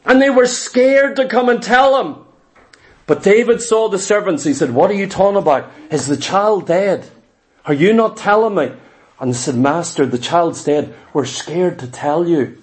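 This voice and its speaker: A man delivering a fervent sermon with a notably high voice for a man. He tells scripture stories with drama, slipping into voices for the people he quotes. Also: fairly bright tone. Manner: dramatic storytelling preacher, acting out quoted voices. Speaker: preacher.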